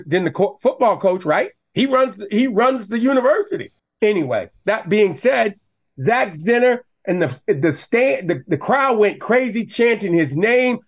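A man, a former college running back, talking football as a guest in a passionate, animated way that rises when he gets riled up. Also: sits high, moderate pace, husky. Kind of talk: casual sports talk.

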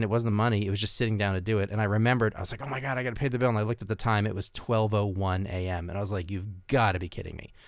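A man's voice: fairly low pitch, clean tone, no echo, clean studio sound. A man hosting his own podcast, talking in a casual, self-mocking, rambling way. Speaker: podcast host. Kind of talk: casual podcast monologue and chat.

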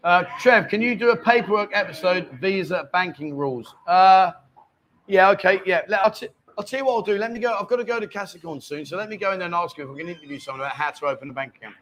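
A man's voice: high-pitched, fast talker, fairly bright tone, a little hiss or hum. A man hosting a casual live chat show from a bar lounge, joking and bantering with the staff. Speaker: host.

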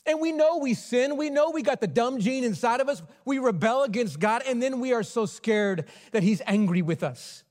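High-voiced preacher man in a reverberant church. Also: animated, normal speed, hardly any pauses. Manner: earnest personal storytelling, softening to near hush for tender moments. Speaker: pastor. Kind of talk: sermon. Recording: long church hall reverb.

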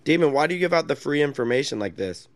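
A man's voice: on the high side, lively intonation, fast, no echo. A man hosting a casual chat in an online audio room. He speaks in a brash, mocking way and swears a lot. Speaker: host.

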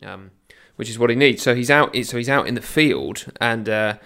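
A man's voice: mid-range voice, moderate pace, pushed and bright. A man co-hosting a casual book discussion podcast, reading passages aloud and tossing in tag questions. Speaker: podcast co-host.

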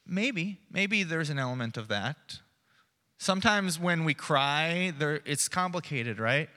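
Pastor, man, high bright voice, unhurried earnest sermon delivery, church hall reverb. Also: lively intonation. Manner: measured, earnest preaching, dropping soft and slow for reflection. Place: church sanctuary.

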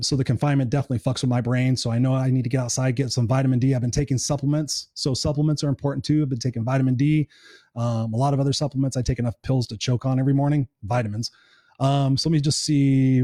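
A man's voice: medium pitch, steady tone, fast talker, warm tone, no room sound, studio quality. A middle-aged man hosting a live show in casual chat, earnest and encouraging, swearing now and then.

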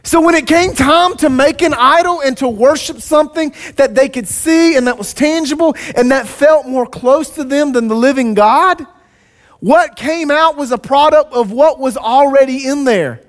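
A man's voice: very high-pitched, moderate pace. A man preaching a sermon as pastor, conversational and joking, with asides to the congregation.

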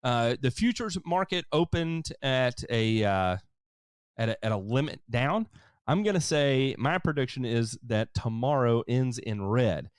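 A man's voice: mid-range voice, lively intonation, unhurried, clear, resonant tone, no echo, studio quality. A man hosting a lawn care livestream, casually reading and answering viewer comments with jokes. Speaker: lawn care show host.

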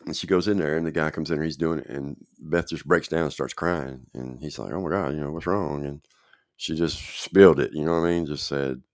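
A man with an extremely deep, low voice tells a personal recovery story in an easygoing, meandering way. He keeps checking that the listener is following him, and the sound is close and dry, with no room echo. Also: steady tone, a little fast. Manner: rambling, with frequent "you get me?" check-ins. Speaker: recovering addict sharing his story on a show. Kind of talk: casual storytelling testimony.

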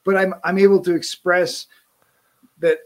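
A middle-aged podcast host talks earnestly in casual conversation, frequently restarting his phrases. His voice is high-pitched, with a level tone and a measured pace.

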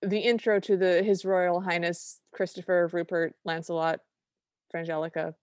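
A woman's voice: on the low side, level tone, normal speed, a little mellow, no echo, studio quality. A woman co-hosting a podcast, recapping a film in casual chat and acting out quoted lines with enthusiasm. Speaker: podcast co-host.

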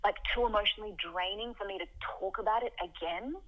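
A woman's voice: mid-range voice, quick pace, poor audio. A woman from Yugoslavia speaking candidly as an interview guest, talking animatedly with lots of "like". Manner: animated, frequent "like", shifts into quoted voices. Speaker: podcast guest.

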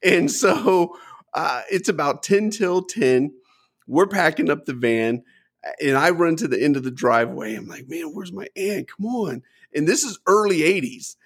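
A middle-aged man telling a story in casual chat, acting out the people he quotes with big jumps in pitch. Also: unhurried, slightly rough. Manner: animated, acts out quotes with lively pitch jumps. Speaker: guest storyteller.

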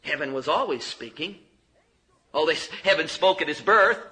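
A man preaching a sermon with passion, swinging from loud cries to hushed low lines. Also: animated, normal speed, poor audio.

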